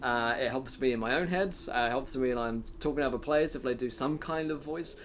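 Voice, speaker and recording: A man hosts a tabletop game stream and gives advice in a casual, enthusiastic way, full of "uh"s. His voice sits at a middling pitch. Faint background noise runs under the recording. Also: brisk. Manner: chatty, filler-heavy, enthusiastic. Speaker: game master and host. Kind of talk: casual explanatory talk on a stream.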